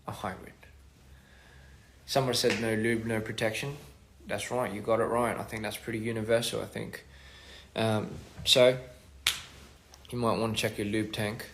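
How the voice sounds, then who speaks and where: A young man casually chatting on a phone livestream, reading fan comments aloud with halting restarts and many fillers. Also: fairly low pitch, a bit bright, slight background noise. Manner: halting, many restarts and fillers, switching between English and Korean. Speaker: musician hosting a livestream.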